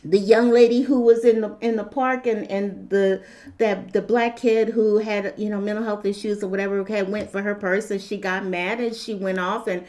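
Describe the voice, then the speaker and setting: A woman giving a casual opinion monologue, animated, repeating herself and acting out quotes. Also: medium pitch, moderate pace. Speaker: vlogger.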